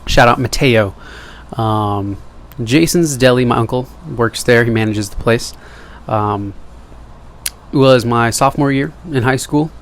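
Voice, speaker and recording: A young male vlogger speaks at a measured pace in a mid-range voice, with a little hiss or hum audible. His casual, rambling talk to camera is jokey and self-deprecating, full of digressions.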